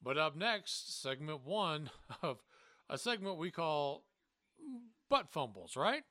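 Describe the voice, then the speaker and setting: A man co-hosting a casual wrestling podcast in an animated, jokey way. His pitch moves a lot and sits a bit high, and the room sound is dry and close. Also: slow pace, dry recording. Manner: jokey, animated, breaks into goofy radio-DJ voice. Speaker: podcast co-host.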